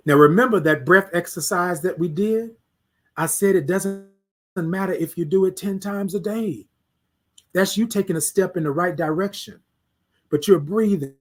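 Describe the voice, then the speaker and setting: A man hosting a morning livestream, giving a preachy, repetitive motivational talk and reading out viewer comments, moving between hushed words and loud emphatic bursts. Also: high-pitched, expressive, a little slow, pauses often. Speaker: host.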